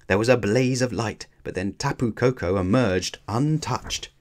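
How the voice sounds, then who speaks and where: Low-voiced man reading a children's book. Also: unhurried, a little mellow. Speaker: storybook reader. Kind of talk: children's book read-aloud narration.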